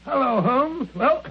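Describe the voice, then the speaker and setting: An actor playing a genial, earnest doctor companion who talks with a flustered, hesitant manner, in 1940s radio acting style. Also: male voice, very high-pitched, background noise, exaggerated voice. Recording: tinny narrow-band old radio recording.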